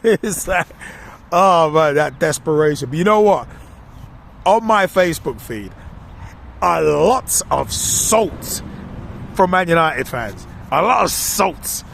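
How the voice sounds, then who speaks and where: A man co-hosting a podcast, delivering a casual, animated and mocking football opinion monologue. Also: on the high side, slow pace, gravelly, slight background noise. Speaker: podcast co-host.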